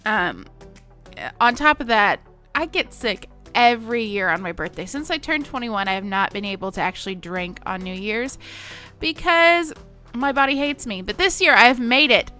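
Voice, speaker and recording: A woman's voice: fairly high pitch, bright, forceful tone. A woman in her late twenties with a Southern American accent, chatting casually and rambling over her gameplay with fillers and self-mocking asides. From Missouri. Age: 20s. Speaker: gaming vlogger.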